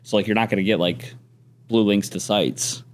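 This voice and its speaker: A man's voice: lowish voice, steady tone, moderate pace. A man hosting a casual podcast, telling stories in slangy talk full of "dude" and "like.". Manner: slangy storyteller, says dude and like a lot. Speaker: podcast host, marketer.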